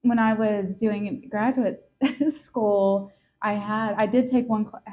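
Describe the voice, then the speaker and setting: A woman from eastern Kentucky with a light Appalachian accent, talking things over in a casual interview and pausing often on ums. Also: medium pitch, steady tone, dark tone, highs cut off. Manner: reflective, many ums and uhs. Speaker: guest fiddler.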